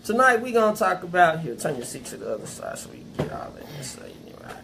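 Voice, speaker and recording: A man's voice: fairly high pitch, very animated, quick pace, gravelly. A man hosting a casual livestream show in a laid-back way, hyping up his guest in slang. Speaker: host. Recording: noisy livestream audio.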